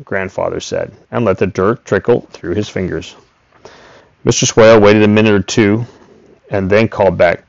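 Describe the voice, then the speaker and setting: A man reading a first-person story aloud in a steady, plain way. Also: fairly low pitch, moderate pace, vocal fry, dry recording. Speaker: audiobook reader. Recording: dull, dry recording.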